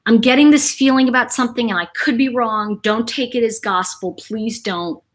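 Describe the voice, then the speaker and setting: A woman's voice: a little high, normal speed. A middle-aged woman hosting a casual live chat, talking in a rambling, chatty way to her viewers. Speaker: livestream host.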